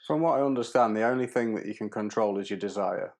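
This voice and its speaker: A man's voice: fairly low pitch, fast, a little mellow. A man who is a podcast guest, speaking in an earnest, philosophical way and often repeating words. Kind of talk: casual conversation.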